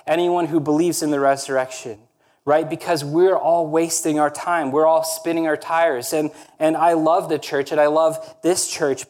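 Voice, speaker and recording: A man's voice: a little high, a little mellow. A male pastor preaching a sermon in an earnest, emphatic way, often tagging points with a rhetorical question.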